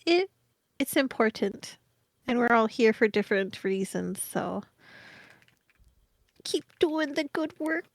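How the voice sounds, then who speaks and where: A woman answering as a panelist on a live stream, soft-spoken and halting. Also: mid-range voice, creaky, no room sound, clean studio sound.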